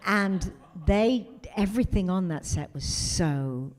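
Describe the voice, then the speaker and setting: A middle-aged woman, guest of honor at a convention panel, telling lively stories and acting out quotes. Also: medium pitch, slow pace. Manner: animated storyteller who acts out quotes.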